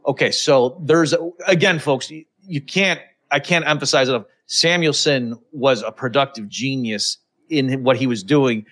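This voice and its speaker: A man hosting a casual podcast conversation. He talks in an animated, rambling way and often turns to the listeners directly. His voice sits in a mid range. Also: medium pitch, moderate pace. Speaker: podcast host. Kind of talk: casual chat.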